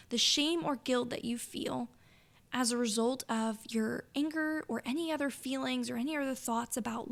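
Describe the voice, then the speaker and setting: Woman, podcast host, life coach, gentle near-whispered delivery, gravelly fry, fairly high pitch. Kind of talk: reflective podcast aside to listeners.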